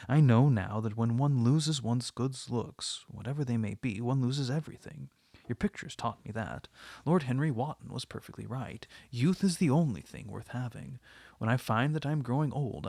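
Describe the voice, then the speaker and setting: A man reading the part of an anguished, vain young man who pleads theatrically, with a gravelly, husky voice. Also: mid-range voice, normal speed, darkish tone, no room sound.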